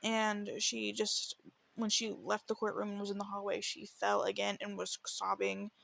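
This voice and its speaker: A woman's voice: mid-range voice, monotone, moderate pace, creaky, fairly bright tone. A woman hosting a true crime podcast, telling the case in an earnest, emotional way and stumbling into restarts as she reads quotes. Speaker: podcast host.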